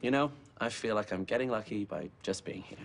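A man's voice: lowish voice, fairly quick, creaky, a little hiss or hum. An awkward, nerdy young man. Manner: awkward, hesitant. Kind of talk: sitcom acting.

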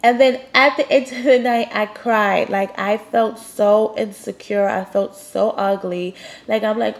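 A young woman hosts a podcast in a mid-range voice with vocal fry, keeping a steady tone and a measured pace. She rambles candidly through a personal confessional monologue, leaning heavily on "like" as filler. She sounds a little congested and sniffles now and then.

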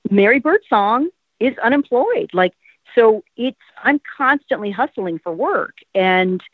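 On a tinny, phone-like recording with no room sound, a woman's rather high voice comes through animated and measured. She's a South Jersey actress in her fifties, meandering through a casual interview and saying "um" and "like" a lot.

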